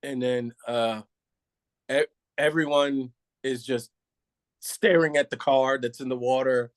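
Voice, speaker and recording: A man's voice: mid-range voice, takes it slowly, dry recording. A middle-aged man, a retired police officer from New York City, telling a candid story with frequent laughs and acted-out lines. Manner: animated, laughs often, acts out others' lines.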